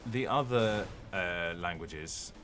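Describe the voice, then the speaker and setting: A man streaming a game and chatting casually, thinking aloud in an animated, rambling way. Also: low-pitched, slow pace, soft background music. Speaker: streamer and voice actor. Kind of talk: casual gaming stream chat.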